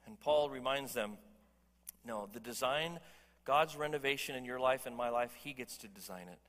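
A man's voice: mid-range voice, normal speed, fairly bright tone, in a large hall. A man preaching a sermon as pastor, emphatic and conversational, joking with his congregation. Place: church hall.

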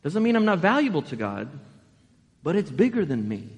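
A man preaching a sermon as pastor, animated and asking the congregation rhetorical questions. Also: a little high, moderate pace, in a large hall.

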